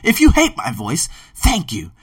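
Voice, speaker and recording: A man hosting a podcast and reviewing a book, talking emphatically and swinging between loud outbursts and low murmurs. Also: wildly swooping pitch, a little slow, slightly rough, no room sound, distant mic. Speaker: podcast host. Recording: dry, set back from the mic.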